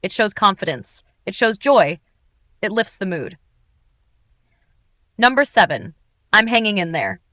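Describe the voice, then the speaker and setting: A woman teaching English in an upbeat, clearly articulated, scripted narration. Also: medium pitch, sing-song, measured pace, long pauses, a bit bright, dry recording.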